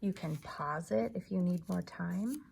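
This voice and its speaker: Slow, gravelly woman teaching young children. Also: fairly low pitch, very noisy. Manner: slow, patient, clapping out syllables. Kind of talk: classroom lesson for young children.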